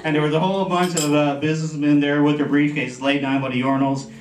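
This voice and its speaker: A man with a fairly high voice tells a funny story at a speech contest, animated and lively. He is recorded from a distance in a large, echoey convention hall with the audience laughing along. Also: fast. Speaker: contest speaker. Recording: echoey hall, mic from far off.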